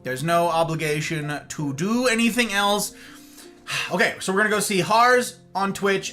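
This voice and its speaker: A man streaming live, chatting casually and rambling straight to his viewers. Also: sits high. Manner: animated, rambling, talks straight to chat.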